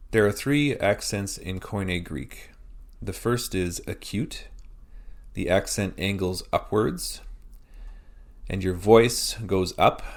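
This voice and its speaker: A Canadian man teaching a recorded lesson, explaining slowly and deliberately with example words. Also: low voice.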